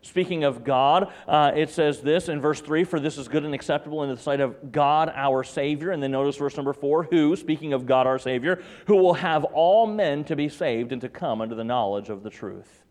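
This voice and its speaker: Preaching man, loud peaks and hushed drops. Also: a little high, moderate pace, hardly any pauses. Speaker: pastor. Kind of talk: sermon. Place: church.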